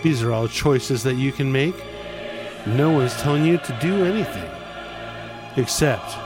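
A man hosting a radio show in casual disc jockey patter, chatty with wry asides and quick self-corrections. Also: medium pitch, expressive. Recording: music playing under the voice. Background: music.

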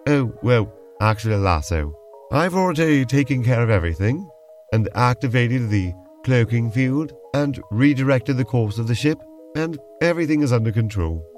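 A man co-hosting a role-play podcast, playing along in a dry, mild and unhurried way. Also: medium pitch, animated, a little mellow, faint music behind. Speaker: co-host and player.

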